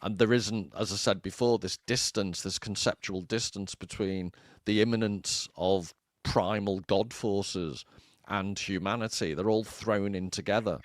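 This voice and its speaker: A man's voice: fairly low pitch, steady tone, measured pace, dry recording, clean studio sound. A man with an Irish accent co-hosting a casual literary discussion, wry and self-deprecating, prone to digressions. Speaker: podcast co-host.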